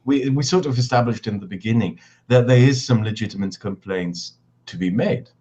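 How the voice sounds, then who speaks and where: A man's voice: fairly low pitch, moderate pace, dark tone. A man co-hosting a live-stream discussion over a video call, pushing back hesitantly and repeating his words. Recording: dull lo-fi call audio.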